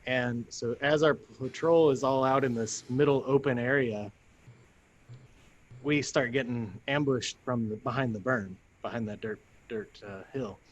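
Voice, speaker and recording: A man at an everyday middle pitch tells a story as a talk-show guest. He is animated and laughs often, and he breaks into acted-out voices for the people in his story. The delivery stays loose and conversational. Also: a little slow. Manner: animated, laughs often, acts out quoted lines. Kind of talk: casual storytelling.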